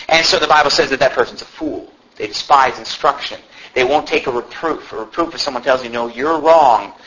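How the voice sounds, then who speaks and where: Emphatic preacher man, bright lo-fi sound. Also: fairly high pitch. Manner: emphatic preaching, reads verses slowly, rising on exhortations. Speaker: pastor. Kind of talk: sermon. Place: church sanctuary.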